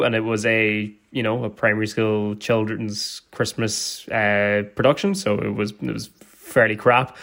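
A man's voice: medium pitch, fairly bright tone, smooth. Young man with a Donegal accent. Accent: Donegal Irish. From Donegal, Ireland. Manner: rambling storyteller, laughs often, many restarts. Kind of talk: casual chat.

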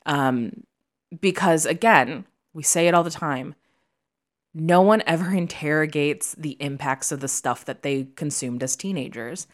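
A young woman co-hosts a podcast, chatting casually in an emphatic, opinionated way. Her voice sits low and she speaks unhurriedly.

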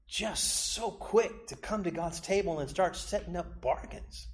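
Pastor, male, American, slightly high voice, preaching with big swings from hush to shout. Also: a little slow. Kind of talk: sermon. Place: church sanctuary.

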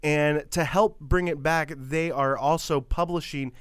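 A man co-hosting a casual podcast chat, talking in a halting, rambling way with lots of fillers and restarts. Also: on the high side, steady tone, clear, resonant tone, dry recording, studio quality. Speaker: podcast co-host.

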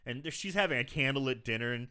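A man's voice: medium pitch, expressive, bright, forceful tone, smooth. A man casually recapping a movie scene by scene on a podcast, rambling, swearing and laughing easily. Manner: rambling, profane, quick to laugh. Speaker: podcast host.

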